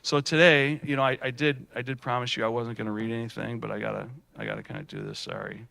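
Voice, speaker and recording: A middle-aged man giving a folksy, animated keynote at a student showcase, telling stories with many fillers and restarts. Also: mid-range voice, fast talker, gravelly, no room sound. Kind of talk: storytelling keynote speech.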